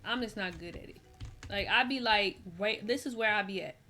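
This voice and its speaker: A young adult woman streaming a game, tired and chatting in a rambling, relaxed way full of slang. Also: mid-range voice, moderate pace, soft background music. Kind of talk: casual gameplay chat.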